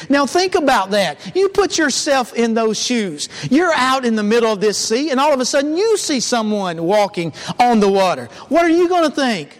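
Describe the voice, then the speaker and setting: A man preaching a sermon in a church, in an earnest, conversational way with frequent restarts. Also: extremely high pitch.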